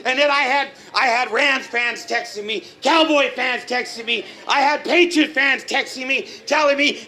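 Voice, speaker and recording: A man's voice: extremely high pitch, animated, measured pace, hardly any pauses, sharp tone. A man sending a rowdy, laughing fan voice message to the show. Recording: noisy phone voice memo.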